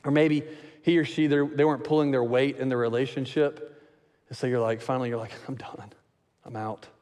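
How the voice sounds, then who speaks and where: A man preaching a sermon as pastor, animated, acting out quotes in different voices. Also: mid-range voice, fast, in a large hall.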